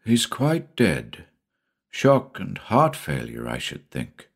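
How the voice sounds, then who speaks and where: A man reading aloud, voicing a suave, calm gentleman writer who speaks in a smooth, purring way. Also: lowish voice, takes it slowly, exaggerated voice. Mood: grave. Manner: suave, purring, coolly reasoning. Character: urbane, unflappable gentleman writer.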